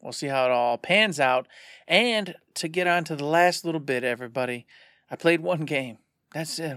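A man co-hosting a casual gaming podcast, talking in an animated way and acting out imagined dialogue. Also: medium pitch, moderate pace, no echo, studio quality. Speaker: podcast co-host. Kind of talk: casual chat about games.

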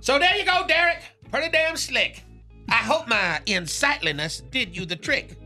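A man's voice: very high-pitched, expressive, moderate pace, bright, forceful tone, full character voice. A man playing a crude, boastful radio character who invents long words and laughs through his lines on a morning comedy show, with music underneath.

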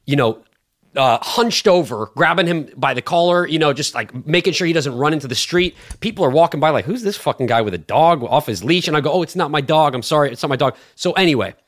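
Casting note: late-20s man, slightly high voice, animated storyteller in a podcast chat. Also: quick pace. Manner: animated, defensive, swears a lot. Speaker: podcast guest and clip shooter.

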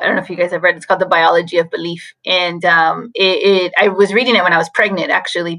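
Animated woman therapist, casual chat. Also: fairly low pitch, rough recording. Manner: animated, mixes in Spanish phrases. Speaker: therapist guest.

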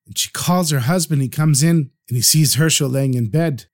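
A man narrating a traditional religious story in an animated, vivid way. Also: a little high, normal speed, hardly any pauses.

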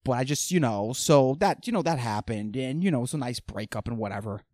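A young man hosting a solo podcast, ranting with heavy swearing, flipping between loud outbursts and mumbled asides. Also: medium pitch, expressive, fairly quick, no room sound, clean studio sound. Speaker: podcast host. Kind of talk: solo comedic rant.

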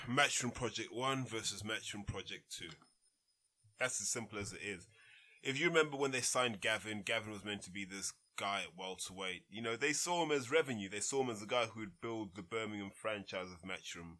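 Pundit, man, lowish bright voice, dry and plain. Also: fairly quick. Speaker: boxing pundit. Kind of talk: casual podcast chat.

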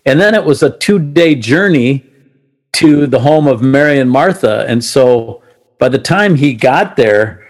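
A man's voice: mid-range voice, measured pace. A man talking casually about faith on a talk show, telling personal stories and chuckling now and then. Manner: animated, personal anecdotes, chuckles often. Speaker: co-host of a faith talk show, former shopping-channel host.

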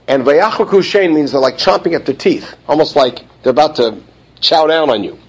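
A man teaching a text study, reading verses slowly and then explaining them in casual speech. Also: a little high, breathy edge, low-quality recording. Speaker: Bible teacher.

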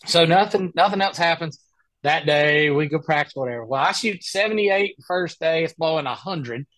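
A man's voice: a little high, normal speed, no echo. Man telling a rambling golf story. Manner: animated, rambling anecdote with many restarts. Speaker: guest, professional golfer. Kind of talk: casual storytelling interview.

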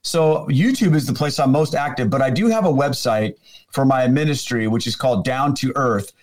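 A man's voice: medium pitch, moderate pace, a little mellow. A man who is a Catholic speaker and former pastor, talking as a podcast guest in a friendly, rambling way and spelling out details carefully. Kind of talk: casual interview conversation.

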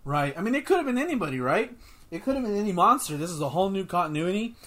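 A man hosting a casual movie review podcast, talking in an excitable, rambling way with frequent swearing and restarts. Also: high-pitched, fast talker. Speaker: podcast host.

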